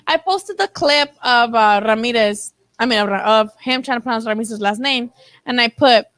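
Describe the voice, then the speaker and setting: A woman's voice: a little high, a bit bright, no room sound, poor audio. A woman hosting a live boxing chat, talking casually and animatedly, swearing freely and acting out what people said. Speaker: boxing channel host.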